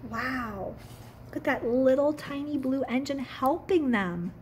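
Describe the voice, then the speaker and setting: A woman, a teacher, reading a picture book aloud to children, with gentle questions to her young listeners. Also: high voice, measured pace, a little hiss or hum.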